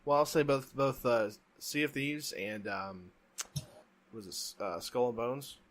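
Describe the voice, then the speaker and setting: A podcast co-host chats casually, ranting emphatically with strong opinions. He speaks at medium pitch and an unhurried pace.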